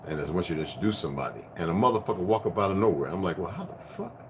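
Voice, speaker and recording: A man in his fifties giving a rambling spiritual rant to his viewers, profane and preachy, swinging from loud bursts down to hushed tones. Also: sits low, animated, rapid-fire, background noise. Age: 50s. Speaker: vlogger.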